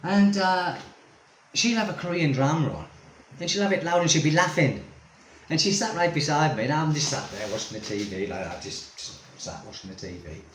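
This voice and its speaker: A man's voice: fairly high pitch, expressive, normal speed, slight background noise. A man vlogging as an expat, ranting casually to camera in a rambling, exasperated way full of tag questions. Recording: echoey room.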